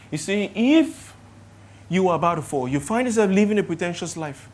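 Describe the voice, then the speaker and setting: A preacher with a Nigerian accent, delivering a sermon in a voice of ordinary, middling pitch. The delivery is impassioned, climbing into loud, pressing build-ups and then dropping to quiet, drawn-out lines. Rhetorical questions are thrown straight at the congregation. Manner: impassioned, swings between loud emphatic build-ups and quiet, slowed-down points. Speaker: pastor.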